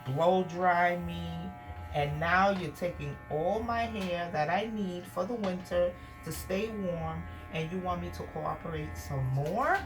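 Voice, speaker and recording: A woman's voice: on the low side, measured pace, lightly acted. A woman voicing a stubborn, put-upon small female dog who complains indignantly. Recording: echoey room with music.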